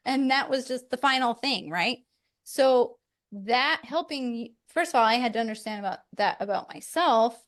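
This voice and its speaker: A woman's voice: a little high, moderate pace. A middle-aged woman co-hosting a family podcast, chatty and laughing as she tells stories about her marriage. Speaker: podcast co-host. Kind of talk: casual conversational teaching.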